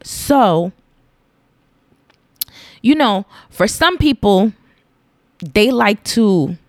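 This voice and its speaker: This woman in her thirties speaks at a medium pitch, expressive and drawing out her words, on a podcast she hosts alone from home. Her earnest, casual rambling turns emotional enough to bring her to tears, and the recording is dry and clean.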